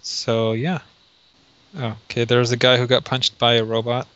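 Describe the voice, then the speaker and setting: A man co-hosting a casual podcast talk, his voice level and flat in pitch. He stops and restarts as he reads things aloud. The sound is dull and lo-fi. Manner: reads search results aloud, halting. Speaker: podcast co-host. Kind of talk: casual chat.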